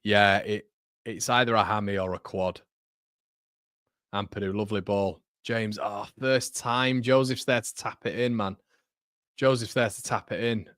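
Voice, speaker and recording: A young man hosting a live football watchalong, chatty and excitable, jumping from loud outbursts to muttering. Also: on the low side, unhurried, no echo, clean studio sound. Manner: excitable, chatty, swings between shouting and muttering. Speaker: watchalong host. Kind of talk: live match watchalong commentary.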